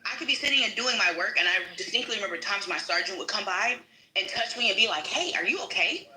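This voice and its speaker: A woman's voice: fast talker, reverberant, low-quality recording. A woman telling work stories casually on a live panel from her home kitchen, mimicking the people she quotes and swearing freely. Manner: animated, acts out quoted people in a higher voice. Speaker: panel speaker. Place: home kitchen, cooking while talking.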